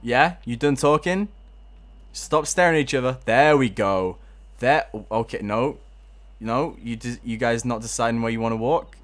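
A man's voice: mid-range voice, normal speed. A young man giving casual gameplay commentary, frustrated, swearing a lot and laughing at himself.

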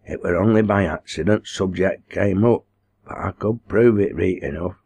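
A man voicing a small, solemn village man from the north of England, telling a long tale slowly in broad dialect. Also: low-pitched, gravelly, a little mellow, breathy edge, full character voice.

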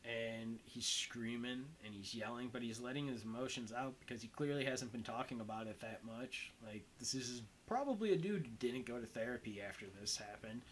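A man's voice: medium pitch, brisk, hardly any pauses, a bit bright, a little hiss or hum, rough recording. A young man giving casual movie commentary as host, rambling and full of "um" and "like.". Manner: rambling, heavy on fillers like "um" and "like".

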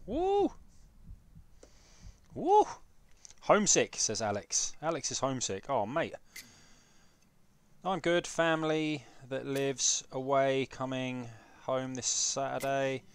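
A young British man doing excitable, jokey live gameplay commentary and chatting with his viewers. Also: medium pitch, slow pace, clean tone, dry recording. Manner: excitable banter with chat, jokey. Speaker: game streamer.

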